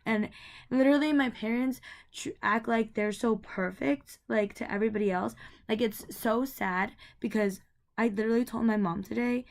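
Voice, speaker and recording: A young woman vlogger rants emotionally to the camera about her family, heated and rambling, repeating words and using many fillers. Her voice is fairly high and creaky, at a normal speed.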